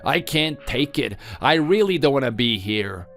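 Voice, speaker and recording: A man's voice: mid-range voice, expressive, moderate pace, vocal fry, a bit bright. A man playing a bitter, drunk adult son who blames his mother for his failures in an accusing, self-pitying way. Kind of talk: dramatized family story reading.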